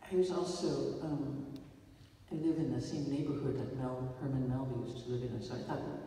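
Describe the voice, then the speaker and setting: A woman's voice: a bass voice, steady tone, fairly quick, mellow. A woman filmmaker speaking to an audience after a screening, telling rambling stories with a wry, playful humor. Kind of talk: stage talk to an audience. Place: large theater hall. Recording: echoey hall from far off, faint noise.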